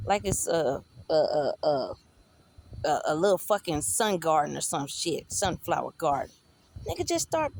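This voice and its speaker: Woman vlogger, unhurried delivery, loose profane storytelling, conversational. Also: medium pitch, darkish tone, slight background noise. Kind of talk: casual storytelling.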